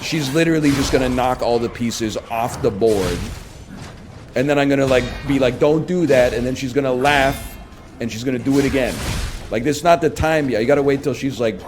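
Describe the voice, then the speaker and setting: A man chatting casually on a stream, telling long rambling stories in a lively, joking way. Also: medium pitch. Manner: rambling, animated, jokey storyteller. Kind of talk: casual storytelling chat.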